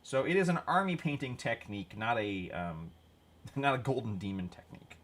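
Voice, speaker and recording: A man's voice: mid-range voice, animated, normal speed, fairly bright tone. Guy painting minis on stream, rambly and jokey, voice bounces up and down a lot. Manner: jokey, rambling, laughs at own jokes. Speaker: hobby streamer painting miniatures. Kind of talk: casual chat while painting.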